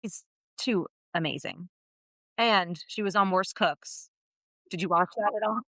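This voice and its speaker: A woman's voice: on the low side, unhurried, sharp tone, no echo. Chatty woman agreeing on a podcast. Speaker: podcast co-host. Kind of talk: casual reality-TV recap chat.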